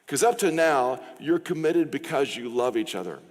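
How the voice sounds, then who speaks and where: A man's voice: mid-range voice, animated, moderate pace. A middle-aged man preaching a sermon as pastor, in a conversational way, acting out short quoted exchanges. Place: church sanctuary. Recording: long reverb of a church hall.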